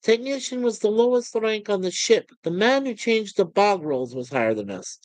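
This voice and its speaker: A man's voice: high-pitched, sing-song, normal speed, no echo, voice pushed up. A man doing a scruffy slacker crewman. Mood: pleading. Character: scruffy, self-mocking young male crewman.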